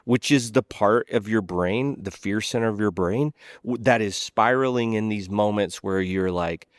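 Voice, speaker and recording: A man's voice: on the low side, moderate pace, dry recording, clean studio sound. A man speaking as a guest pastor, explaining ideas earnestly in a conversational way and often restarting mid-thought.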